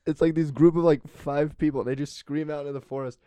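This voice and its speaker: A man's voice: on the high side, steady tone, brisk, dark tone, clear, resonant tone, no echo. A young man chatting casually on a podcast, playful and laughing often, slipping into jokey put-on southern accents. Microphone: close studio mic.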